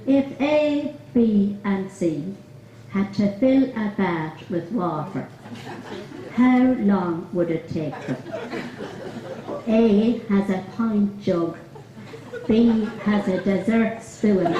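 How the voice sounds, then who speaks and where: A woman's voice: medium pitch, expressive, takes it slowly, pauses often, heavy reverb, muffled recording, noisy background. Woman doing cheeky Dublin boy Christy. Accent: Dublin put-on.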